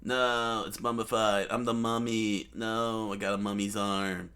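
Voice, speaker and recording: An excitable young pirate hero who peppers everything with casual slang, put on by a man reading a comic aloud. The voice sits low and moves at an unhurried pace. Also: clear, resonant tone. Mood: alarmed. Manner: slangy, excitable surfer-like talk. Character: brash young male pirate hero, cheerful, says dude.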